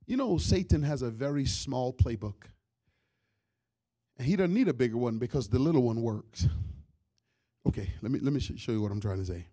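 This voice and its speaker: A man preaching a sermon, retelling a story with lively shouts, character voices and soft asides. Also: medium pitch, normal speed. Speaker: pastor.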